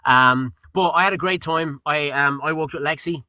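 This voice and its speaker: A young Irish man, a voice actor being interviewed, telling stories in a lively way, acting out quotes and swearing casually. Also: fairly high pitch, normal speed, dry recording. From Ireland. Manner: animated storyteller, acts out quotes, swears casually. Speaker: guest voice actor.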